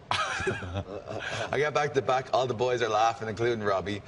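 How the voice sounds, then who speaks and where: A man's voice: fairly low pitch, wildly swooping pitch, a little slow, fairly bright tone, a little hiss or hum. A man telling a wrestling story in casual chat, laughing and rambling along. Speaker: wrestling podcast guest.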